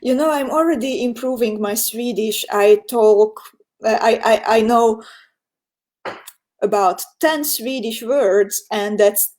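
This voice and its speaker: A woman's voice: on the high side, takes it slowly, a little mellow. A woman with a Hungarian accent, a native Hungarian speaker, teaching a beading tutorial on a live stream, chatting about viewer comments and giving step-by-step instructions. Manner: chatty, reads viewer comments aloud, laughs often.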